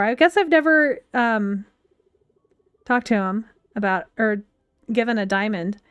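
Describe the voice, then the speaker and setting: A woman's voice: fairly high pitch, lively intonation, a little slow, long pauses, smooth, no echo. A woman in her thirties chatting casually as she plays a game on a live stream, thinking aloud from her computer at home. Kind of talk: casual live gameplay chat.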